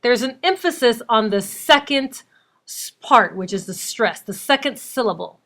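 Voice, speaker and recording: A woman's voice: on the high side, lively intonation, moderate pace, fairly bright tone. A woman teacher giving a recorded lesson, explaining step by step and counting points out with emphasis. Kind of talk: recorded classroom lecture.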